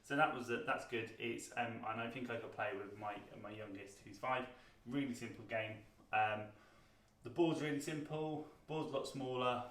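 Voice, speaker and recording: A British man in his thirties co-hosting a board game review, talking casually with frequent pauses and fillers. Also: medium pitch, fairly even intonation, a bit bright. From Britain. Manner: chatty, hesitant, lots of ums. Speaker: board game channel co-host. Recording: roomy sound, mic at a distance.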